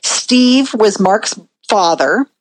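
A woman guest telling a story in a casual, animated way and acting out the people in it. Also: mid-range voice, drawn-out words, no room sound, rough recording. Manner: animated, acts out voices of people in her story. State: a little emotional.

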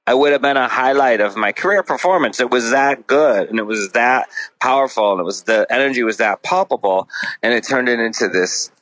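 A man's voice: medium pitch, a little fast, fairly bright tone, no room sound, low-quality recording. A middle-aged man from Wisconsin, a guest musician telling a story in a casual podcast chat, rambling with lots of "like" fillers and frequent swearing.

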